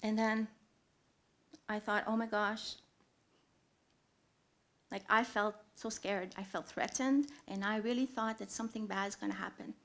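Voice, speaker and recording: A woman telling a true personal story live on a theatre stage, earnest, with pauses and sudden loud swells. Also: medium pitch, steady tone.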